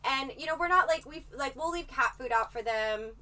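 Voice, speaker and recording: A woman with a high, bright, cutting voice chats loosely on a livestream, swearing freely and rambling from one story to the next. She sits a little back from the mic, so her voice sounds set at a distance. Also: normal speed. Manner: profane, rambling, animated storytelling. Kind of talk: casual livestream chat.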